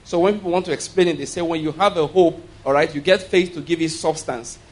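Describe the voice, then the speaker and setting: Man preaching, fairly high voice, emphatic, asks the room if they understand. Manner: emphatic teaching, frequent "you understand?" and "all right?" checks; slows and gets louder for emphasis. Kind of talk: sermon.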